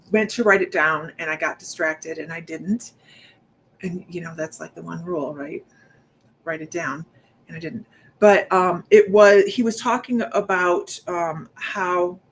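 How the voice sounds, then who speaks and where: A woman's voice: on the low side, a little hiss or hum. A woman hosting a casual psychic livestream, rambling and chatty, a bit out of breath as she greets viewers by name. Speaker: psychic medium host.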